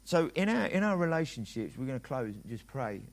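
A man's voice: medium pitch, sing-song, a little fast, vocal fry. A middle-aged man preaching a sermon as a pastor, talking conversationally and acting out dialogue in quoted voices.

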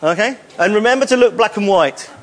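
A man's voice: sits high, lively intonation, normal speed, fairly bright tone. A man leading a live audience on a hall stage, coaxing volunteers with playful, teasing jokes. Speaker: presenter leading audience participation.

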